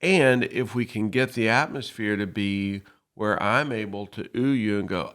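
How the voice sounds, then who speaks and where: A man's voice: lowish voice, normal speed, a bit bright. A man co-hosting a podcast, explaining earnestly in a casual talk and acting out little dialogues in quoted voices. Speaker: podcast co-host.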